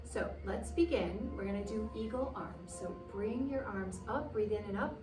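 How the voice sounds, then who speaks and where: A woman guiding children through a yoga class, gently encouraging and playful, sometimes making animal noises. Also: mid-range voice, moderate pace, far from the mic. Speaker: kids' yoga teacher. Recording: roomy sound from away from the mic with soft music.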